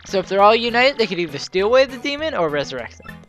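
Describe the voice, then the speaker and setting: A woman voicing an earnest male scholar, reading game dialogue aloud in a steady way. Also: medium pitch, fast talker, muffled recording, faint music behind. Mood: explaining. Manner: steady read-aloud delivery. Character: earnest male scholar explaining ancient lore.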